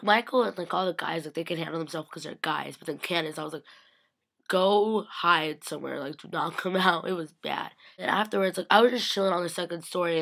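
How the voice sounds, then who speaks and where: Young woman, lowish gravelly voice, casual excited recap packed with "like", slips into quoted voices. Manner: gushing, rambling with constant "like"; acts out quotes in shifting voices. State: slightly sick. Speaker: vlogger. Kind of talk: casual recap of a fan convention.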